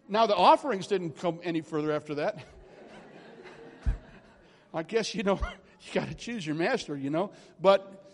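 A man with a high voice preaches to a congregation, rambling through stories with animated asides. His words ring out with a long hall reverb, as in a church. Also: a little fast. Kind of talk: charismatic sermon storytelling.

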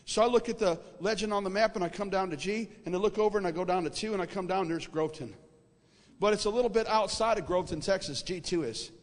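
A man preaching a sermon and telling a folksy story in an animated way. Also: high voice, quick pace. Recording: echoey hall.

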